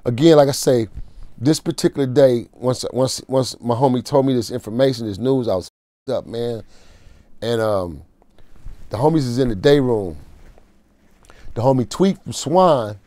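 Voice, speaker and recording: A man tells a raw story from his time in jail, speaking street slang with a dark, mellow tone. He sits close to a dry, deadened mic. His voice sinks low and quiet through the heavy moments. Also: normal speed, long pauses, dry recording. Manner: street slang, emotional prison storytelling, drops to a low murmur. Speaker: interview guest. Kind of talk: storytelling in a casual interview.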